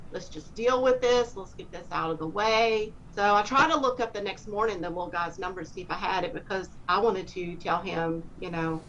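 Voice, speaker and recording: A woman telling a personal faith story in a rambling, animated way and acting out the dialogue. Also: medium pitch, brisk, few pauses. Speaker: speaker sharing a testimony. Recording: muffled with faint hiss.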